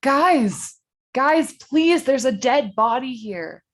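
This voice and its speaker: A woman's voice: fairly high pitch, normal speed, husky, voice pushed up. Woman playing a frantic, panicky young man. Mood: panicked. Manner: frantic, pleading. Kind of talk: amateur comedic audio drama.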